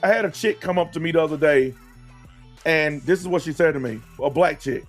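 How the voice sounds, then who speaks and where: A fairly high-voiced man argues bluntly on a casual podcast. He swears freely and drags his words out to hammer each point home. Music plays faintly underneath. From American South. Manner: blunt and emphatic, profane, slows down to stress points. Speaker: host.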